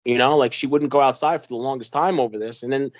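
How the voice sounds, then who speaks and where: Young guy from new york telling his story all animated, mid pitch, dry close sound. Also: fast talker, dry recording. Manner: animated, acts out quoted dialogue in a raised voice, many fillers. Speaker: guest telling his encounter. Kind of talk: casual storytelling interview.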